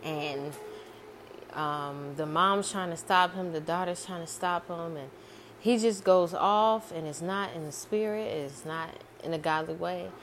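A woman's voice: lowish voice, a little slow, slight background noise. A woman casually retelling a movie script she dreamed up, rambling and repeating herself with many fillers. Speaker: amateur screenwriter.

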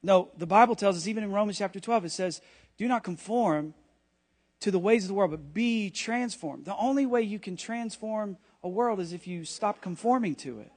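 A man preaching a sermon in church, animated and jokey, with quick asides to the congregation. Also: high-pitched. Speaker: pastor.

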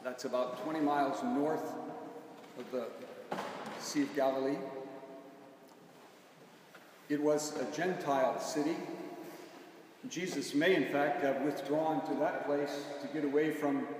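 A man's voice: a little high, steady tone, unhurried. Male preacher in an echoey church. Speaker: pastor. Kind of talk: sermon. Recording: echoey church hall from far off, faint noise.

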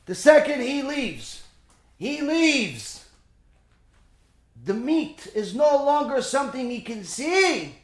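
Guy with a pretty high voice teaching a religious class, keeps asking okay? right?, room's all echoey. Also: slow. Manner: animated, peppers points with "okay?" and "right?". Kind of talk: informal lesson with storytelling. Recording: echoey room.

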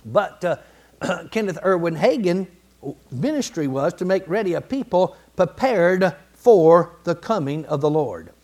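A man preaching a sermon in a folksy, colloquial way, building to emphatic repeated phrases and clearing his throat now and then. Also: high-pitched, animated, measured pace, darkish tone. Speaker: pastor.

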